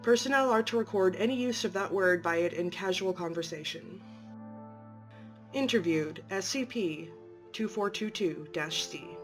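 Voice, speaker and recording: A woman narrating from a script in a clear, matter-of-fact way. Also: fairly low pitch, normal speed, music in the background.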